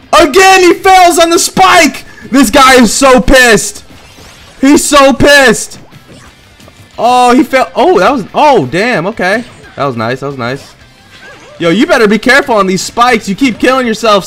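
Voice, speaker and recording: An excitable man calling out his own online fight as he plays. He trash-talks and swears at the game. His voice sits a bit high and leaps all over the place, with faint game music underneath. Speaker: gaming channel host. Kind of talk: gameplay commentary.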